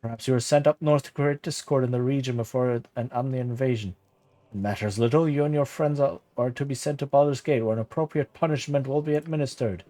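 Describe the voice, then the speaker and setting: A man's voice: mid-range voice, fast, dark tone, natural voice. A man voicing a stern older male keeper who formally accuses someone, reading the game dialogue aloud in a plain voice.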